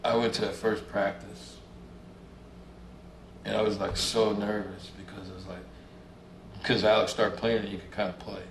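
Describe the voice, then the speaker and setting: A man's voice: fairly low pitch, flat delivery, measured pace, pauses often, a little hiss or hum. A man telling stories in a casual interview, laid back, swearing freely and acting out what people said. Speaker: interview guest, musician. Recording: roomy room sound, faint ambience.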